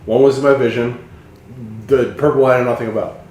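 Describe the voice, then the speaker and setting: A man's voice: mid-range voice, steady tone, fairly quick, darkish tone, echoey room, slight background noise, low-quality recording. A man playing in a tabletop game, talking casually and asking questions at the table. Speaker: player.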